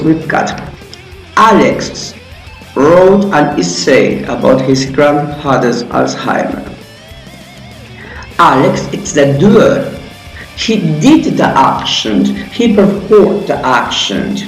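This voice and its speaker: A man teaching an English grammar lesson, explaining step by step in a friendly way with some phrasing. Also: on the high side. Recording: roomy echo with faint music.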